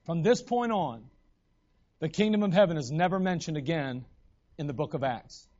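A man preaching a sermon in an animated way, acting out the voices in the stories he retells. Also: fairly high pitch, moderate pace, dull audio.

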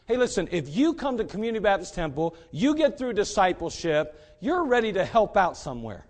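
A man's voice: high voice, sing-song, fairly quick. A middle-aged man, a pastor, preaching emphatically and telling a story. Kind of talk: sermon.

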